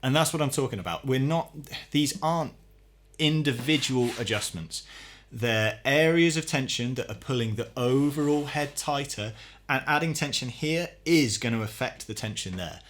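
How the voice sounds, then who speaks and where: A man giving a calm, methodical hands-on tutorial, explaining each step as he works on a drum. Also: mid-range voice, normal speed. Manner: calm, methodical, talks while working. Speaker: drum teacher.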